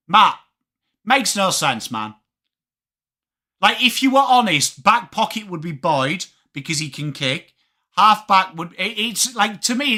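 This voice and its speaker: Animated English man hosting a watchalong. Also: high-pitched. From England. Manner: animated, swearing, reads chat names aloud. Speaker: livestream host. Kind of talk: live sports watchalong chat.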